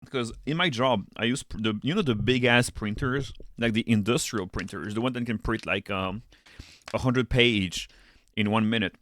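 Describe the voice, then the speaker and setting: A man's voice: lowish voice, moderate pace, a bit bright, no room sound, studio quality. A man who works as a teacher, chatting casually and profanely with viewers on a live stream while he works, rambling from topic to topic.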